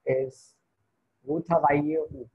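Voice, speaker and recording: Husky man teaching beginner vocabulary. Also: on the high side, steady tone, phone-quality sound. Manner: slow, repeats each word, switches to Hindi to explain. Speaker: French teacher. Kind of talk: beginner language lesson.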